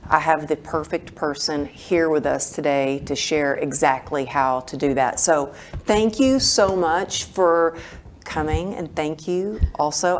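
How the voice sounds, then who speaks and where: A woman's voice: low-pitched, slight background noise. A woman hosting a podcast interview, effusive and enthusiastic as she introduces and questions her guest. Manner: effusive, enthusiastic, emotional reactions. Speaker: podcast host.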